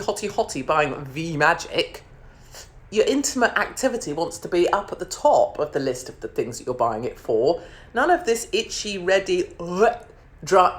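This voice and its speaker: Brash middle-aged woman host, low voice, mocking comic monologue, casual swearing. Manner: brash and mocking, calls viewers darlings. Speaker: show host. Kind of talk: comedic to-camera monologue.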